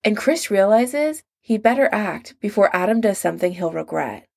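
A woman narrating a story in a measured storytelling manner. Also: mid-range voice, expressive, gravelly, darkish tone. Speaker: audiobook narrator. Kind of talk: scripted narration.

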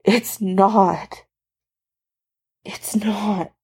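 A man's voice: high voice, lively intonation, unhurried, gravelly, mellow, breathy edge, full character voice. A woman voicing an exhausted, injured young man who is crying and pleading, his voice breaking. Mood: whispering.

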